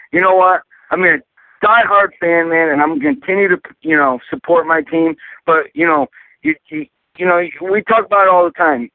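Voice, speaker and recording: A man's voice: a little high, dry recording. Male fan caller, angry and profane, dry tinny phone sound. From New York. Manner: angry, profane, rapid venting.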